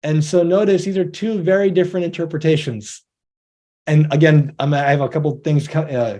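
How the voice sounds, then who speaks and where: A man's voice: a little high, mellow. A man giving a motivational talk in a conversational, earnest way, who acts out the voices of people he quotes. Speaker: investor education presenter.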